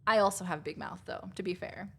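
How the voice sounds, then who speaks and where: A woman's voice: fairly low pitch, fairly quick, creaky, a bit bright, breathy edge. A woman chatting casually while live-streaming a game, rambling and filling her talk with "like".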